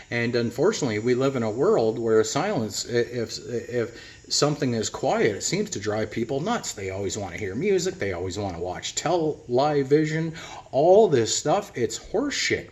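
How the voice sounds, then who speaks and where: A middle-aged man giving a rambling casual monologue to his viewers, often calling them "people" and repeating his words. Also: medium pitch. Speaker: vlogger.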